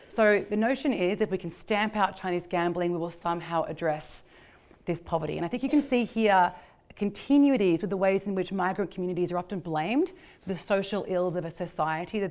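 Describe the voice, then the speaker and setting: A woman's voice: fairly low pitch, darkish tone. A woman giving an illustrated history lecture in a conversational way, with frequent fillers and repeated words. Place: lecture venue.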